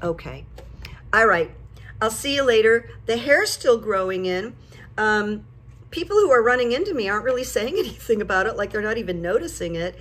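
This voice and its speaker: An older woman chats straight to her viewers in a casual vlog, telling everyday stories. Her manner is chatty and lively, and it gets animated whenever she retells a moment. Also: a little high, moderate pace. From United States. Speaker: vlogger and psychic coach. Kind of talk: casual talk to camera.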